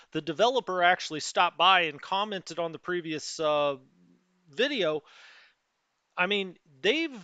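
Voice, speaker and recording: A man's voice: high voice, bright, forceful tone, no echo. A middle-aged man hosting a strategy game let's play, chatting casually and rambling with lots of fillers as he greets viewers. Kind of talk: casual live gameplay commentary. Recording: dry, slightly dull lo-fi sound.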